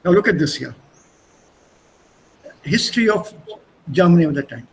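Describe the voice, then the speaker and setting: A man with a fairly high voice runs an online language class. He is chatty, often repeats his words and shifts from one language to another mid-thought. Faint room ambience sits behind his video-call audio. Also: animated, moderate pace, long pauses, slight background noise, low-quality recording. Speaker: teacher.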